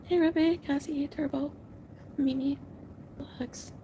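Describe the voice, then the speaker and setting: A woman's voice: high-pitched, steady tone, slow pace, dark tone, a little hiss or hum. A woman on a livestream, tearful and apologetic, greeting viewers by name. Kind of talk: emotional late-night livestream.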